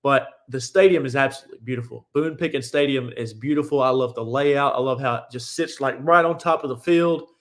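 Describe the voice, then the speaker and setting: A man's voice: mid-range voice, brisk, few pauses. A young man hosting a sports talk show, giving casual, opinionated and rambling commentary with frequent restarts.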